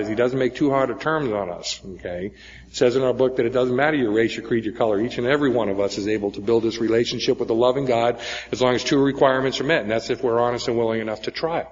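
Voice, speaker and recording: A man in his forties telling a personal recovery story at a meeting, often tagging his lines with "okay?" and "right?". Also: fairly low pitch. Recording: echoey hall, dull lo-fi sound, faint noise.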